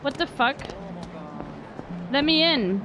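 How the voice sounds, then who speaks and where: A woman's voice: sits high, animated, slow pace, background noise. A young woman streamer chatting casually and swearing freely while she plays a video game. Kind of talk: casual gameplay commentary. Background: game music.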